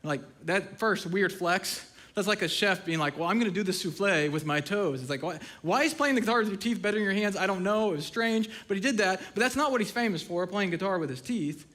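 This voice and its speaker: A man's voice: sits high, expressive, a little fast, hardly any pauses, a bit bright. A man preaching a sermon from a church stage, telling funny stories with self-deprecating asides. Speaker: pastor.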